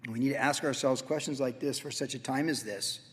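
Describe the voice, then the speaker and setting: A man preaching a sermon as pastor, telling stories with animated, acted-out moments. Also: medium pitch, brisk. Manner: animated storytelling, acts out his own past self. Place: church sanctuary. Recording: church hall with long reverb.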